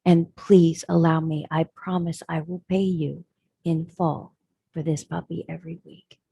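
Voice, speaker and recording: A woman's voice: sits low, little pitch movement, measured pace, vocal fry, dark tone, husky, dry recording, heavily acted. A woman voicing an earnest, determined little boy who speaks sincerely and pleads. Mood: solemn.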